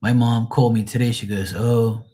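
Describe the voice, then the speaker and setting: A man's voice: lowish voice, measured pace, a little mellow. A man hosting a live stream, chatting casually with viewers in a rambling, profane way and laughing often.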